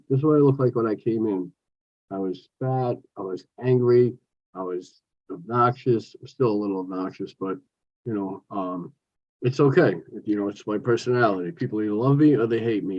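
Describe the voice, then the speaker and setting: A man's voice: fairly low pitch, a little fast. Outspoken older New man, lo-fi. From New York. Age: 60s. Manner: outspoken, jokey, talks with his hands of stories and asides. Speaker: recovery meeting speaker. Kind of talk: personal share at a recovery meeting. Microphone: phone.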